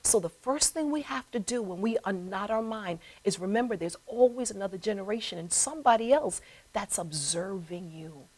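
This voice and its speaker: A middle-aged woman hosting a talk show, telling a personal story with animated delivery and acted-out voices. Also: medium pitch, moderate pace, poor audio. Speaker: host. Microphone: live stream.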